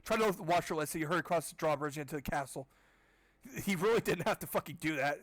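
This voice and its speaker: A man's voice: on the high side, fast talker, a bit bright, dry recording. A man reading a children's book aloud casually, breaking off for sarcastic, swearing asides. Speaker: audiobook club reader. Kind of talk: casual read-aloud with commentary.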